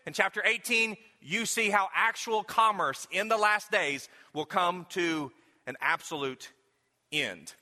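A man's voice: high-pitched, a little slow, sharp tone, in a large hall. A man preaching a sermon as pastor, talking conversationally and posing many rhetorical questions to his congregation. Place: church sanctuary.

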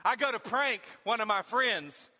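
Preaching at a measured pace, an animated pastor with a high, bright voice moves from homespun stories to forceful, shouted questions. His words echo with a long reverb, like in a big hall.

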